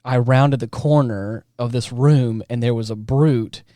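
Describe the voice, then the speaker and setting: A man co-hosting a podcast, telling a story in a halting, rambling way. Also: medium pitch, steady tone, warm tone, dry recording. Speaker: podcast co-host. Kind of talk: casual chat.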